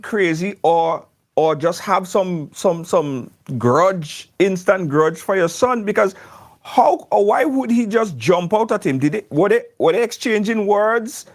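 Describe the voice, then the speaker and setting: A man's voice: high-pitched, lively intonation, a little slow. A man hosting a talk show, breaking in with questions and disbelief. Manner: interjecting, incredulous. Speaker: host.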